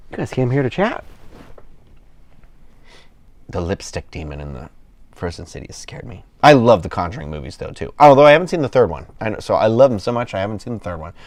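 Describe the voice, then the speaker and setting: A livestream host chats casually with his viewers, rambling enthusiastically with lots of fillers and restarts. His medium-pitched voice is very animated and fairly quick with frequent pauses, though he sounds a little tired and yawns.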